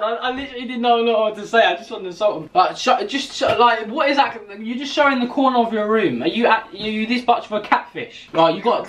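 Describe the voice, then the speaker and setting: Young male host, London accent, high voice, teasing mock-insult banter. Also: fairly bright tone. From England. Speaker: YouTuber host. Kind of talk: casual video chat banter.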